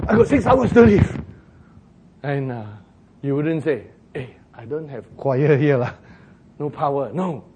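A man preaching a sermon as pastor, telling the story in an animated way, acting out the quoted voices and chuckling at his own jokes. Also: mid-range voice, a little hiss or hum.

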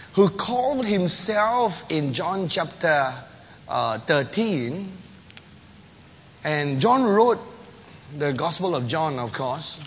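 A man delivers a sermon in a high, unhurried voice, acting out the quoted lines with bursts of energy. The recording is dull and lo-fi, with a long hall reverb and faint background noise. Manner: animated storytelling, acting out quotes with rising pitch and loudness. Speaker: preacher.

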